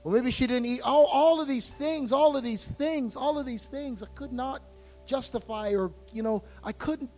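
A man preaching a sermon to his church, his voice moving between hushed, intimate passages and loud, impassioned outbursts. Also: very high-pitched, moderate pace, faint music behind. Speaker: pastor.

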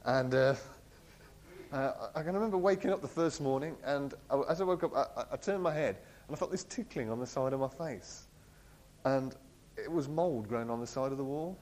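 A man telling a personal story in an animated way. He laughs often and acts out the voices of the people he quotes. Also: medium pitch, brisk, low-quality recording. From England. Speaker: speaker sharing a personal testimony. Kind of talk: storytelling talk.

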